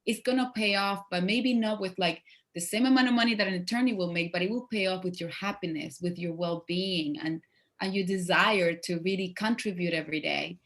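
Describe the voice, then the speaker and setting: A woman in her forties talks through an interview in English with a clear Spanish accent. She is animated, laughing often and slipping into playful acted-out quotes. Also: lowish voice, fairly quick. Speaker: guest actress. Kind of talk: casual interview chat.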